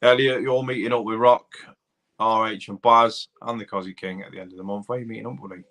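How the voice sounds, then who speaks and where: Brief: Doncaster-accented male streamer, thirties, rambling and matey, slightly low voice with a bright edge. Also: fairly even intonation, fast. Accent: Doncaster, South Yorkshire. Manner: rambling, chatty, addresses viewers as buddy and mate. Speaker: livestream host, car mechanic. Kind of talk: casual livestream chat reading comments.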